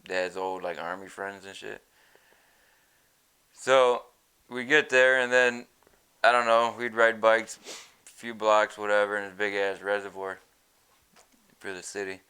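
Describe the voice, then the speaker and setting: A man's voice: lowish voice, flat delivery, a little slow, pauses often, bright, forceful tone, clean tone. A man hosting a casual podcast, rambling through stories and giggling often. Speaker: podcast host. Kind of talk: casual stoner chat.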